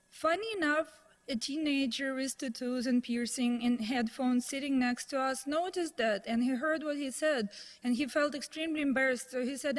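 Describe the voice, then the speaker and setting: A woman's voice: fairly high pitch, normal speed. A woman telling a story to a live audience in a conversational manner, with fillers and restarts.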